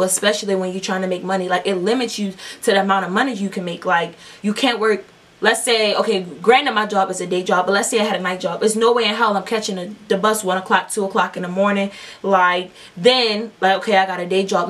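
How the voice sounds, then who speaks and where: A woman's voice: mid-range voice, fast, fairly bright tone, distant mic. Young woman rambling through a storytime. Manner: rambling, profane, lots of fillers. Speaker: beauty vlogger. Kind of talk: casual storytime while doing makeup.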